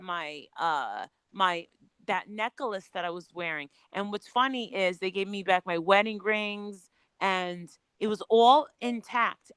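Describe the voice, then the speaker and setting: A woman's voice: medium pitch, a bit bright, clear, resonant tone, dry recording, poor audio. A woman on a remote call, telling a personal story as a panel guest in a candid, chatty way with some swearing.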